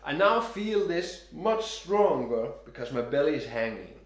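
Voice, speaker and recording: A man coaches saxophone breathing and tone with calm, step-by-step instructions, demonstrating as he talks. His voice sits a little high and moves up and down a lot. The room adds a clear echo around him. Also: a little slow. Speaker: saxophone teacher. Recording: roomy echo.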